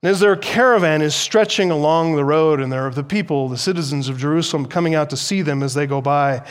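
Animated male pastor preaching. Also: quick pace, clear, resonant tone. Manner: animated preaching, pitch and volume rising for emphasis. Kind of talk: sermon.

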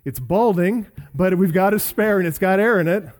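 A man's voice: high voice, normal speed, darkish tone. A middle-aged man preaching, asking earnest questions and telling personal stories with self-deprecating humor. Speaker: pastor. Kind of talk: sermon.

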